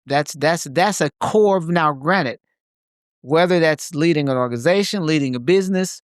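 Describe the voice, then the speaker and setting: A man's voice: a little high, moderate pace, no room sound, clean studio sound. A man co-hosting a podcast in a reflective, casual conversation, speaking emphatically and repeating phrases to drive his points home. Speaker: podcast co-host.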